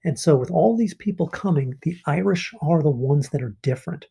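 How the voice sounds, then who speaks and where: A man's voice: on the high side, expressive, a little fast, vocal fry, warm tone, slightly rough. A male history teacher explaining a lesson in a casual, conversational way, often checking in with listeners. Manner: casual, explanatory, with frequent ums and rhetorical rights. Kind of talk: recorded online lesson.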